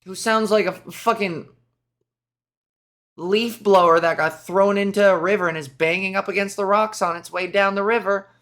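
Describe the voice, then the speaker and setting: A woman's voice: medium pitch, fairly even intonation, normal speed, a bit bright. A woman hosting a solo podcast, ranting in a profane, sarcastic, rambling way. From Canada. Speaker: podcast host. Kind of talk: casual solo podcast rant.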